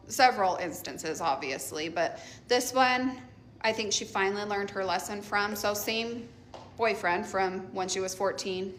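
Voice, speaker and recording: A woman's voice: medium pitch, a bit bright, a little hiss or hum. A middle-aged woman, a mother, telling a casual storytime about her teenage daughter, blunt and offhand, laughing often.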